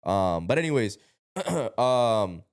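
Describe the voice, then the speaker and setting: A man from Ecuador co-hosting a podcast, talking fast in a rambling, animated way with plenty of slang. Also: on the low side, clean tone, no echo, clean studio sound. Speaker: podcast co-host. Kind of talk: casual podcast chat.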